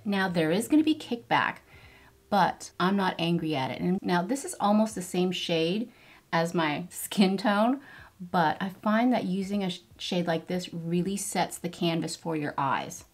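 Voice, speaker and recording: A woman in her fifties doing a get-ready-with-me makeup tutorial, gushing enthusiastically over each product as she applies it. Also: on the low side. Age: 50s. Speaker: beauty vlogger.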